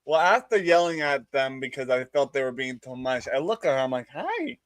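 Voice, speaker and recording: A man guest telling funny personal stories in casual chat, laughing often and jumping into squeaky voices for quotes. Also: fairly quick, a bit bright, clear, resonant tone, no echo. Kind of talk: casual storytelling.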